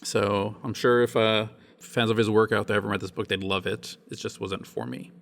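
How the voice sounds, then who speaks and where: Chatty man with a gravelly voice. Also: lowish voice, flat delivery, moderate pace, a bit bright. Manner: chatty, laughs often, many restarts. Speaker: podcast host. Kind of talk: casual book-club podcast chat.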